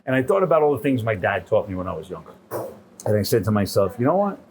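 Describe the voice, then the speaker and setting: Animated New chef telling stories. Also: male voice, lowish voice, quick pace, a little hiss or hum. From New York. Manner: animated, profane, repeats "right?". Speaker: chef guest. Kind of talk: casual storytelling interview.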